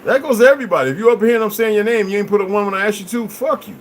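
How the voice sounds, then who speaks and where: A man ranting on a livestream, cursing a lot and swinging between loud outbursts and low mutters. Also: rapid-fire, slight background noise, poor audio. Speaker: livestream host. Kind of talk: rambling livestream rant.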